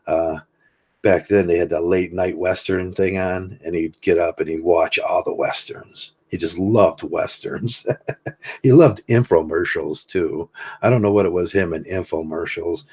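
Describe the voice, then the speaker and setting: Reading comments from his chat, an older livestream host rambles casually, hesitating often and leaning on fillers. He has a low, husky, slightly mellow voice.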